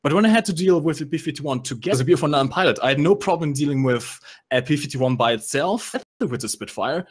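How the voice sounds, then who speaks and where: A man's voice: fairly high pitch, animated, fast. Analytical man on a gaming podcast. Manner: analytical, jokey asides. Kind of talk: casual gaming podcast chat.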